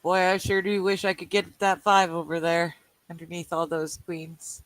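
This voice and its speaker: Her voice sits on the low side, level in tone and moderate in pace, with no room sound on a low-quality recording. She's a livestream co-host from British Columbia, Canada, chatting casually over a card game, reading chat out loud and laughing and joking often.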